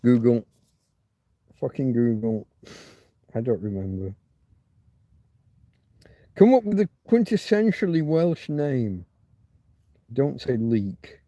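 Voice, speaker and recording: A man's voice: mid-range voice, sing-song, slow pace, pauses often, mellow, no room sound. A man hosting a loose livestream, thinking aloud and muttering asides as he reads viewers' chat. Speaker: livestream host. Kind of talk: rambling live chat with viewers.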